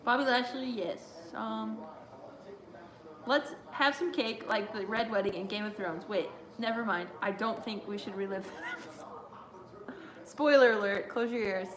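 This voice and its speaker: A woman's voice: mid-range voice, unhurried. Young woman doing a chatty watch-along stream, laughs a lot, reads chat out, kinda roomy echo. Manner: chatty, giggly, reads viewer chat aloud. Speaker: live stream host. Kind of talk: casual watch-along commentary.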